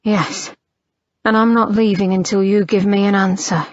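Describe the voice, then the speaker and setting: A woman voicing a tender, insistent male nobleman in whispered role-play, with a low, hushed murmur, on a slightly muffled recording. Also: fairly even intonation, normal speed, no echo, natural voice.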